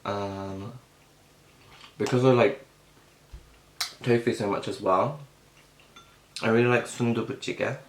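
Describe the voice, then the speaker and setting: A man's voice: lowish voice, steady tone, takes it slowly, pauses often, a little hiss or hum. A young man chatting casually on a mukbang video as he eats, rambling with plenty of fillers and talking with his mouth full. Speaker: mukbang vlogger. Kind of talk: casual chat while eating. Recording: echoey room.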